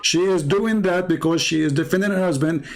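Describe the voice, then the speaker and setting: Debater, man, high voice, insistent and repetitive. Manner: insistent, repeats himself, reads Arabic text aloud quickly. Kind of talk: heated live debate.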